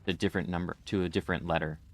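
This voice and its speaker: Over very noisy audio, a gaming streamer speaks rapid-fire in a low, steady voice. He's doing casual let's-play commentary into a desk microphone at his computer, chatting and reading in-game notes aloud.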